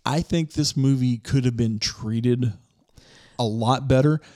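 A man on a casual podcast, walking through a book's plot in long rambling stretches. He leans on "you know" and restarts his sentences as he goes. His voice sits at a middle pitch for a man. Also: a little slow, warm tone. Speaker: podcast co-host. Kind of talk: casual movie discussion podcast.

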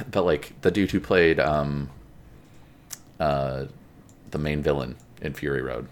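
A man with an extremely low, deep voice chats on a podcast, relaxed and wry, tossing in jokes. A faint hiss sits under the recording. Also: slow pace. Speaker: podcast co-host. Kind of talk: casual chat.

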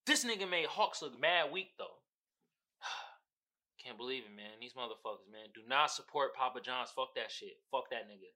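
A man rants solo on his podcast. His voice is lively and swoops up and down, with a very bright, sharp edge. He curses freely and jumps from loud outbursts to low mutters. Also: normal speed. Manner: profane, heated, swings between loud outbursts and low mutters. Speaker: podcast host. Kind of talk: casual solo rant.

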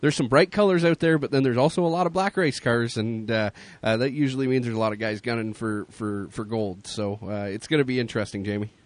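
A man's voice: medium pitch, brisk, hardly any pauses. Rambling male racing co-host. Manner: rambling, many "you know"s. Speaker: radio co-host. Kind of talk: motorsport radio analysis.

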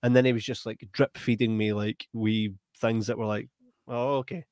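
Scottish male podcaster spinning a lively yarn, dry close sound. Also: fairly low pitch, moderate pace, no room sound. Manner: animated anecdote-telling, acting out quoted voices. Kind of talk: casual storytelling chat.

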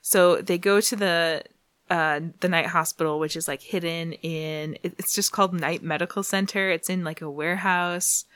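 A woman's voice: on the low side, fairly even intonation, normal speed, a bit bright, clean tone, no room sound. A woman casually recapping a comic story, laughing often and dropping to a whisper for asides. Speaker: podcast host recapping comics. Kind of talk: casual chat.

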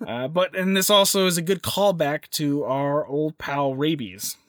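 A man hosting a casual chat, with an upbeat manner and quick short reactions that keep his guest talking. His voice is bright and sits a little high. The recording is dry and close. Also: faint music behind. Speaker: podcast host.

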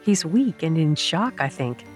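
A woman's voice: deep voice, very animated, measured pace, soft background music. A woman narrator voicing a tough, decisive young female student who speaks bluntly and urgently.

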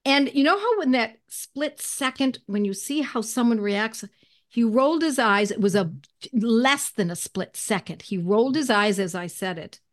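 A woman guest in an interview, telling a personal story in an animated way and clearing her throat now and then. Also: a little high, normal speed. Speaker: guest, homeopathy educator.

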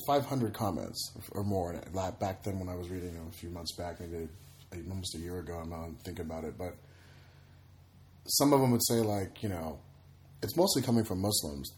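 Brief: male comedian guest, lowish voice, casual storyteller, faint hiss. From Egypt / United States. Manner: storytelling, acts out voices in anecdotes. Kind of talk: casual podcast chat.

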